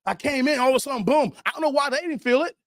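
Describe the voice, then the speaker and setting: High-voiced man telling a livestream story. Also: racing, no echo, studio quality. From Chicago, USA. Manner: animated, acts out voices in his story; talks straight to his chat viewers. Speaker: livestream host.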